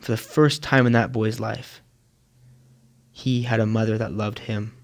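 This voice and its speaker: A man's voice: lowish voice, steady tone, unhurried, vocal fry. Earnest man telling a moral story. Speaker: speaker. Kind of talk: inspirational sermon storytelling.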